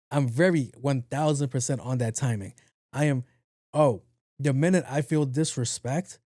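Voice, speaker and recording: A man hosting a podcast in a casual monologue, talking low and evenly, blunt and profane. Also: moderate pace, no room sound, clean studio sound. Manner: low-key, talks in a low even voice. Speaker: podcast host.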